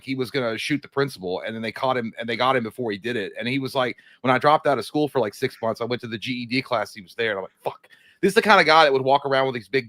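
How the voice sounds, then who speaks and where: A man co-hosting a casual live stream, telling stories in an animated, heavily profane way. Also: medium pitch, no echo. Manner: rapid, profane, animated storytelling. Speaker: co-host.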